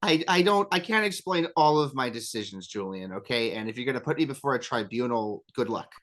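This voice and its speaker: A man's voice: medium pitch, expressive, a little fast, a bit bright. A man chatting casually as a game master, rambling with self-deprecating asides. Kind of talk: casual chat.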